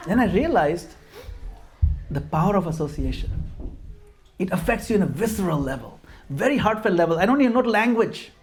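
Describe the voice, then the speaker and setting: Speaking fast with lively intonation in a voice that sits high, a middle-aged man from Gujarat, India, gives an informal devotional talk at a home program, with background noise present. He tells stories, laughs at himself and drops in Hindi and Sanskrit verses.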